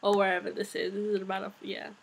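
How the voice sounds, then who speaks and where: A young woman reviewing a comic chapter in a chatty, excitable, rambling way, sounding a little unwell. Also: medium pitch, fast, creaky, breathy edge, rough recording. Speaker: manga reviewer. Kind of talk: casual fan review vlog.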